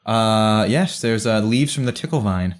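A man's voice: on the low side, animated, unhurried. A young man narrating as game master of a tabletop game, in a rambling, amused way with many restarts.

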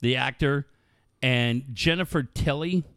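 A man's voice: medium pitch, a little slow, clean tone, no echo, clean studio sound. A man in casual chat, telling crude stories with lots of swearing and laughter. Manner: profane, animated storytelling with frequent laughs.

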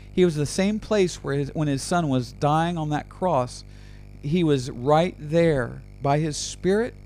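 A man's voice: a little high, darkish tone. A man preaching a radio sermon and leading a prayer, fervent and full of repeated words and restarts. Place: radio program.

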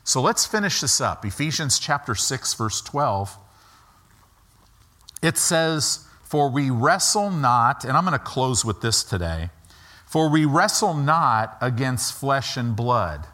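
A man's voice: medium pitch, sing-song, takes it slowly, bright, forceful tone. A middle-aged man preaching a sermon, emphatic and repetitive, leading the congregation in call-and-response. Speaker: pastor.

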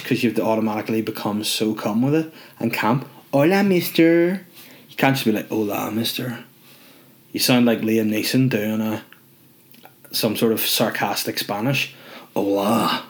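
Rambling comedy podcaster. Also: male voice, fairly low pitch. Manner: rambling, jokey, quick asides. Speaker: podcast host. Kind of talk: solo comedy podcast rant.

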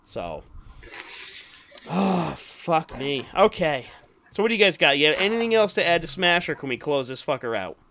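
A man's voice: a little high, very animated, moderate pace, fairly bright tone, slight background noise. A man hosting a casual podcast with friends, swearing freely and laughing so hard he is out of breath. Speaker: podcast host. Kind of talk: casual chat.

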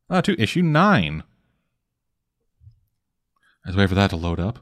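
A man's voice: sits low, very animated. A man recapping a comic book in casual chat, swearing freely and rattling off the plot. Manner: profane, rambling recap with quick mock voices for characters. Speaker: podcast co-host recapping a comic. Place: home at night, speaking quietly for housemates.

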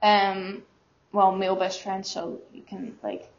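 Dutch-accented young woman guest, halting and searching for words, flat delivery on a muffled recording. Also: medium pitch, a little hiss or hum. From Netherlands. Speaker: student guest. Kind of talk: casual personal storytelling. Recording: dull lo-fi recording.

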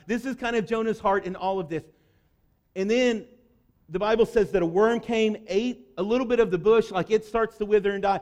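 A pastor delivers a sermon in an easy, chatty way, with a man's voice that sits high. He slips into quoted speech now and then and gets animated doing it. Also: brisk. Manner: conversational, animated preaching with acted quotes.

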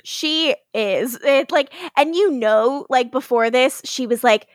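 High pitched woman on a podcast, laughs a lot, swears, does the characters, dry mic. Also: slow, no room sound. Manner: giggly, acts out characters, swears freely. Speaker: podcast co-host. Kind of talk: casual rewatch podcast chat.

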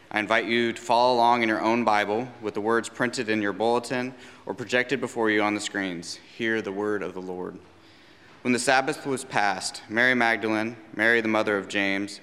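A man reading a scripture passage aloud in church in a measured, solemn way. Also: on the low side, bright, forceful tone. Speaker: scripture reader. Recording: church hall reverb.

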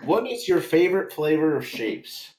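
A podcast co-host reading out listener questions in a deadpan way. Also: mid-range voice, moderate pace. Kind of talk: casual podcast chat.

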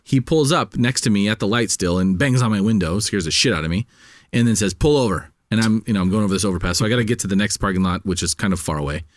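A man's voice: fairly low pitch, fast talker, no room sound, studio quality. A man telling a story in casual podcast chat, swearing often and getting worked up as he retells it. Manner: heated, profane, animated retelling. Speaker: podcast co-host.

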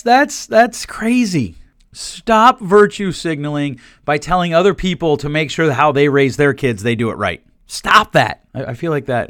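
A man's voice: fairly high pitch, no room sound, clean studio sound. Emphatic man hosting a solo podcast. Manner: animated, emphatic, repeats words when worked up. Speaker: podcast host and therapist.

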